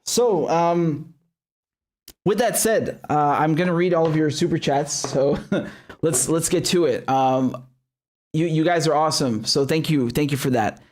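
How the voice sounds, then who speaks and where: A man's voice: a little high, measured pace, pauses often, darkish tone. Blunt, foul-mouthed male stream host. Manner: blunt, heavy swearing, many restarts. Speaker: show host. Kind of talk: live-stream commentary and reading viewer chats.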